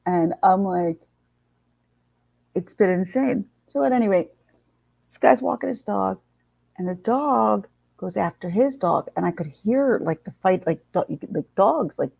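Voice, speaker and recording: A woman's voice: mid-range voice, animated, unhurried, gravelly, husky, no echo. A woman hosting a live chat, telling a story in a casual, blunt way and swearing freely. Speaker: livestream host. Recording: dull lo-fi sound.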